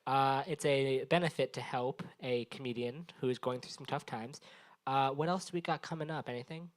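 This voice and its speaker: A young open-mic host works the crowd at a small bar venue, rambling, swearing, and teasing the live audience in loose stand-up style. His voice is medium in pitch and moves at normal speed.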